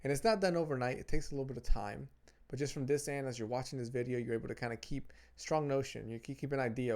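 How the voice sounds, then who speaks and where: A man's voice: mid-range voice, quick pace, a little mellow. A man talking earnestly to camera about relationships, giving advice from his notes and often repeating and restarting phrases. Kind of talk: casual advice talk to camera.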